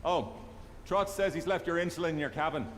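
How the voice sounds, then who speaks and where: An actor playing a friendly, matter-of-fact rig hand in a video game. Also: male voice, on the high side, fairly quick, big-room sound, close to an everyday voice. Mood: helpful.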